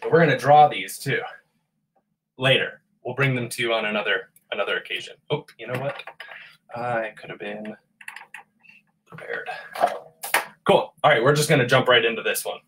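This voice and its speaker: With a mid-range, fairly bright voice, a man talks at a moderate pace broken by long pauses, over a little hiss or hum. He's co-hosting an arts therapy livestream, rambling goofily and mocking himself between improvised songs.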